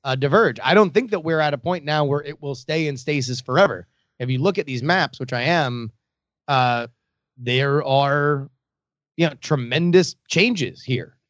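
A man co-hosts a talk radio show, explaining political history in long, halting stretches. The sound is slightly dull and dry. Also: on the high side, a bit bright, no echo. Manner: explanatory, lots of fillers and restarts. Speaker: radio co-host.

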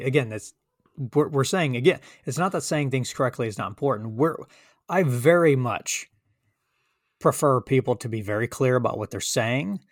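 A man's voice: medium pitch, dry recording. Male podcast co-host, mid-range voice, dry and close, earnest and emphatic. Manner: earnest, emphatic, restarts often. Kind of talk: casual philosophical discussion.

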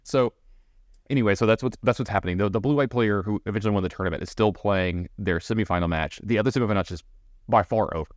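A man talking fast and loose as he tells a funny story on a podcast. His voice sits a bit low and sounds dry and close to the mic, with plenty of fillers and quick restarts. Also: no room sound. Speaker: podcast co-host. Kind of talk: casual storytelling chat.

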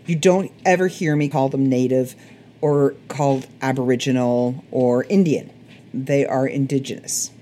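Chatty Canadian woman, slightly hoarse. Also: extremely low pitch, steady tone, measured pace, warm tone. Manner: rambling, chatty, self-correcting. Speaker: podcast host. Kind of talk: casual solo chat.

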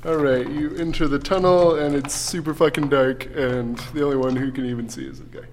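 A man's voice: mid-range voice, steady tone, a little fast, slight background noise. A man narrating a tabletop game as game master, casual and laughing, with lots of fillers.

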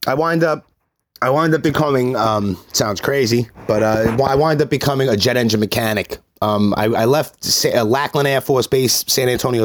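Profane, rambling man. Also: fairly low pitch. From Brooklyn, New York. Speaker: podcast host telling his life story. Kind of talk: casual solo storytelling.

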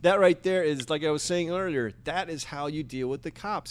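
A man hosts a casual chat, his voice sitting a little high. He jumps in often and talks with plain enthusiasm. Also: normal speed, clean tone.

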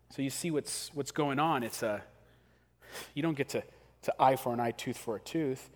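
Casual-talking preacher in a reverberant hall. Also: male voice, medium pitch. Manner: conversational, acts out quick scenes. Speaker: pastor. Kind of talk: sermon.

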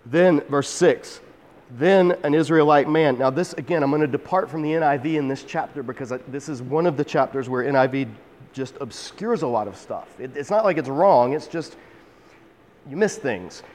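A man's voice: medium pitch, moderate pace, a little mellow, in a large hall. A man teaching a Bible chapter verse by verse in a conversational, emphatic way, often restarting his phrases.

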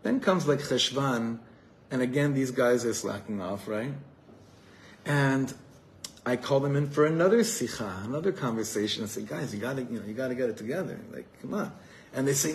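A man gives a storytelling sermon to an evening gathering, his voice pitched in the middle range. He acts out the people in his story as he talks, over faint background noise. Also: normal speed. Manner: animated storyteller acting out quoted voices. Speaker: rabbi teaching a gathering.

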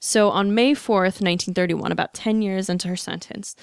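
A woman's voice: mid-range voice, fairly even intonation, fairly quick, vocal fry, smooth, no echo, clean studio sound. A woman hosting a podcast, telling a story in a casual, chatty way with frequent fillers. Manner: chatty, with frequent likes and ums. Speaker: podcast host.

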